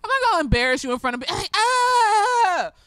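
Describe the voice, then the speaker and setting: A woman's voice: sits high, very animated, very fast, pushed and bright, no echo. Tipsy, foul-mouthed woman giving a review. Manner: blunt, heavily profane, swinging between ranting and gushing. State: slightly tipsy. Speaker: therapist reviewing a TV episode. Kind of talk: casual video review.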